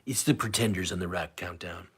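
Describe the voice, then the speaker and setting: A man's voice: deep voice, a little fast, breathy edge. A man in his late forties hosting a live stream, chatting casually in a rambling, self-interrupting way and answering chat. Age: late 40s.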